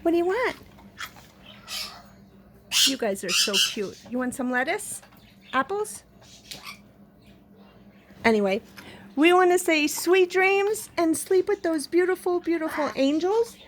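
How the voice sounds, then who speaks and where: A woman's voice: extremely high pitch, expressive, measured pace, long pauses, a little hiss or hum. A woman pet vlogger at home, talking to her pets in a sing-song baby-talk voice, often laughing. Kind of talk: cooing pet talk to camera. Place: home, indoors.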